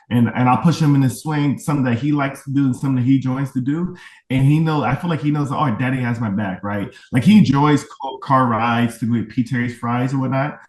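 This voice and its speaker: A man's voice: medium pitch, fairly quick. A man talking earnestly and reflectively as an interview guest, a father of autistic twins, often checking in with "right?". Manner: reflective, earnest, fond of tag questions. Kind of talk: candid conversational interview. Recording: roomy, distant from the mic.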